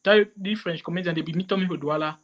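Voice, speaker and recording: A man, a comedian chatting in an interview, animated and quick to slip into French. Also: high-pitched, dull audio. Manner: animated, switches into French and mimicry. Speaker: comedian guest. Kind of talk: casual interview chat.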